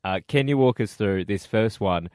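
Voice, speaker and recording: A man's voice: fairly low pitch, moderate pace, noisy background. A man hosting a radio comedy show, chatty and jokey.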